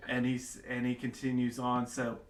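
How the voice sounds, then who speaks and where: A man's voice: mid-range voice, steady tone, a little slow, fairly bright tone. A man narrating as a game master in a casual way, full of fillers and asides. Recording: echoey home setup.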